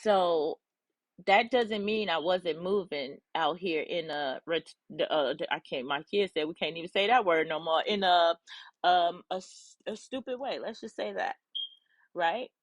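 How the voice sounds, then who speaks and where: A woman's voice: on the low side, measured pace, dry recording. A middle-aged woman, a mother, talking bluntly and candidly in a personal vlog, swearing freely.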